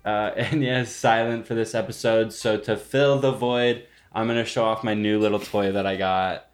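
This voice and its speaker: A man's voice: fairly low pitch, fairly even intonation, moderate pace. A young man hosting a casual podcast chat, crude and teasing as he jokes around with his co-hosts. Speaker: podcast host.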